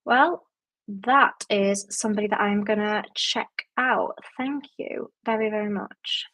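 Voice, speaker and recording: A young woman with a Yorkshire accent hosts a booktube livestream, reading viewer comments aloud and answering in a relaxed, rambling way full of "like" and "um." Her mid-range voice is unhurried.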